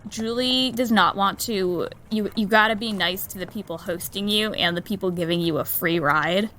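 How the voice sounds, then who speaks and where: A woman's voice: mid-range voice, normal speed, pushed and bright, slight background noise. A woman playing a tabletop game, chatting casually about her character. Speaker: player.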